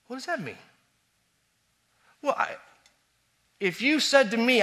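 A man preaching a sermon, swinging between loud emphatic repetitions and quiet, low asides. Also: animated, moderate pace, pauses often.

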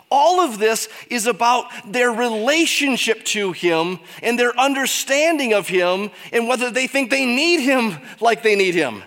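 A pastor preaching a sermon, emphatic at times and dropping to quiet asides. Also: male voice, long reverb tail. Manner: expressive, swings between emphatic peaks and quiet low asides.

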